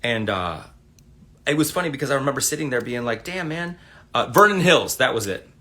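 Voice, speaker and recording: A man's voice: medium pitch, expressive, a little fast, sharp tone. A man telling a long, rambling, profanity-laced story in a laid-back, casual way while talking into his phone on a livestream. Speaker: livestream host.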